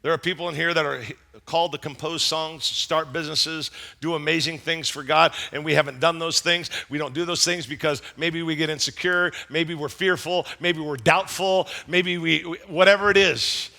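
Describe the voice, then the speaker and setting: A man's voice: a little high, normal speed, gravelly. A middle-aged man preaching a sermon, telling stories animatedly and acting out scenes. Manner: animated, acts out scenes and voices. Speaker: pastor. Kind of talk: sermon with storytelling.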